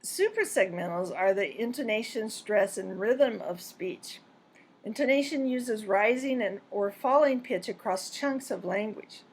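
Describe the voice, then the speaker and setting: A woman narrating a scripted pronunciation lesson in a clear, deliberate and measured way. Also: mid-range voice. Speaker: pronunciation teacher.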